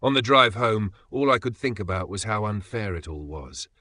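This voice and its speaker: A man's voice: lowish voice, lively intonation, normal speed, bright, forceful tone, no room sound, studio quality. A man reading a first-person story aloud in a scripted narration style, telling it in an aggrieved, indignant way.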